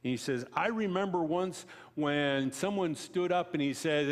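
A man's voice: moderate pace, few pauses. A man giving a conversational sermon, telling stories with asides to the congregation and acting out quoted voices. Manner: storytelling, chatty asides to the congregation; acts out quoted voices with sharp pitch jumps. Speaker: preacher. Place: church sanctuary. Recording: long reverb of a church hall.

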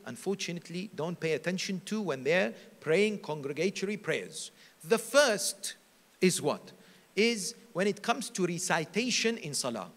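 Animated high-voiced man preaching. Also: in a large hall. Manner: animated, asks rhetorical questions and answers them. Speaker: sheikh giving a majlis lecture. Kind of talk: sermon.

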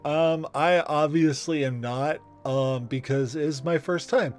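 A man's voice: a little high, unhurried, a little mellow, faint music behind, natural voice. A man voicing a naive young male adventurer who rambles and hesitates, in tabletop role-play. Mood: earnest. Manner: hesitant, rambling, full of fillers.

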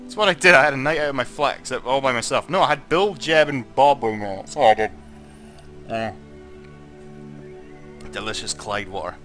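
A Scottish man, drunk, giving rambling, excitable let's play commentary as a gaming channel host and swearing a lot. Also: mid-range voice, normal speed, pauses often, soft background music.

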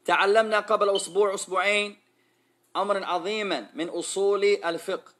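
A man teaches an Islamic class, switching between Arabic and English, quizzing his students and joking playfully with street slang. His voice sits high and sounds bright and forceful, with fairly even intonation and a very fast pace.

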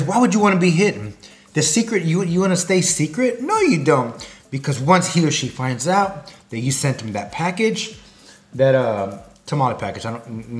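A man giving a comedic food promo, rambling and jokey, drifting off on tangents. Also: a little high. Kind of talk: comedic promo talk to camera.

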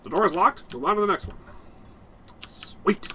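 Young-adult man, casual game commentary, swears and laughs a lot, slightly high voice. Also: wildly swooping pitch, measured pace, long pauses, noisy background. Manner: rambling, sweary, laughs often. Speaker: game streamer. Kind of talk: casual let's-play commentary.

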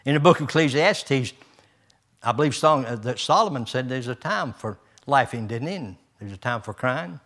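A man's voice: medium pitch, animated, moderate pace, a bit bright. An older man, a pastor preaching a folksy sermon with homespun stories, chuckles and rising emphasis.

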